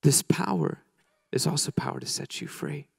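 Brief: middle-aged male preacher, gravelly edge, dry close sound, chatty anecdotal sermon. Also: on the high side, normal speed, no room sound. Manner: conversational, joking, many restarts and fillers. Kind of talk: sermon storytelling.

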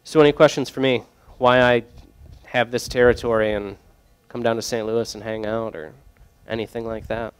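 A man's voice: medium pitch, little pitch movement, normal speed, smooth. A young man working as a brewery sales rep, telling loose, joking stories to a group with lots of fillers. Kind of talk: casual storytelling to a group.

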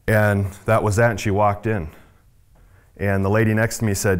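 A man's voice: fairly low pitch, fairly even intonation, moderate pace, smooth. Earnest man telling his testimony. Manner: earnest, with many fillers and restarts. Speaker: ministry leader. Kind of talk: personal testimony talk.

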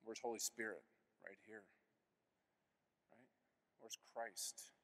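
A man in his 50s from the United States gives a personal faith testimony as a keynote speaker in a large, echoing convention hall. His voice is fairly low and fairly even in intonation, and he speaks slowly. He tells his story earnestly, with sudden swings in loudness.

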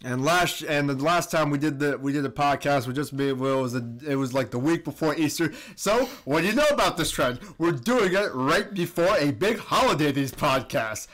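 A young man with a slightly high voice chatting as a podcast guest. He rambles, cracks jokes and lets sentences trail off quietly. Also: animated, moderate pace, few pauses. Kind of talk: casual chat.

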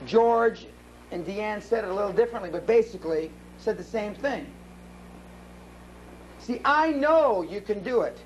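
Brash, high-voiced man at a live seminar. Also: lo-fi sound, a little hiss or hum. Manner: brash, profane storytelling. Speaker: seminar speaker. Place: seminar room.

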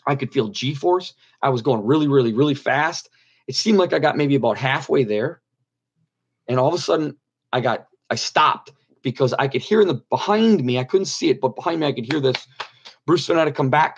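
A man's voice: mid-range voice, breathy edge, lo-fi sound. A middle-aged man earnestly telling a personal story as an interview guest, repeating phrases for emphasis. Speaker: guest telling his near-death story.

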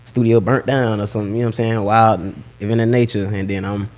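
Young man, Southern accent, rapper guest, quick talker, lowish voice, laid-back slang-heavy storytelling. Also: little pitch movement, a little mellow. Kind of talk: casual interview chat.

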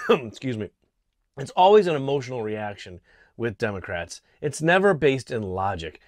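A man from Connecticut giving an indignant political opinion monologue, halting and restarting often, clearing his throat from allergies. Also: fairly high pitch, no room sound, clean studio sound. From Connecticut, USA. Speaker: political vlogger. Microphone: small camera mic.

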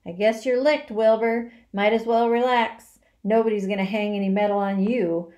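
A woman voicing a bloated, sneering male rat with a husky, hoarse voice. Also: on the high side, fairly even intonation, moderate pace, a little mellow, natural voice. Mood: gloating.

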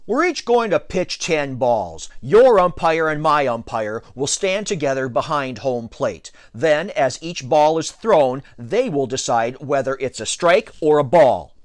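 A bossy young pitcher who taunts and commands, put on by a man reading a children's book aloud. His lines come out loud and sure of themselves. The sound is dry and close, with animated, swinging pitch. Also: unhurried, few pauses, no echo. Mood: taunting bossy. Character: cocky bossy boy pitcher, a bully. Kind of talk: storybook reading.

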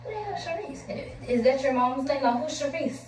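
A woman's voice: high voice, lively intonation, fairly quick, distant mic. A woman arguing with her boyfriend, sassy and accusing, swearing freely. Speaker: girlfriend being pranked. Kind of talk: heated casual argument. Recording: echoey room, a bit off-mic, faint noise.

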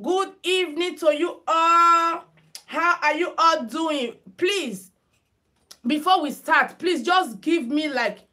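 Chatty Nigerian woman, high and bright. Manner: chatty, addresses viewers as "my people", sing-song calls. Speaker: makeup and headwrap livestream host. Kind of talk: casual livestream chat in Pidgin-mixed English. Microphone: phone.

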